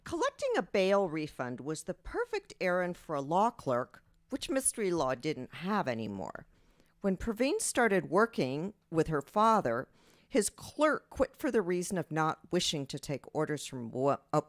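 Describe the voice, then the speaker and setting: British-born female author reading her novel, lively intonation, lowish voice. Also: normal speed. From Britain.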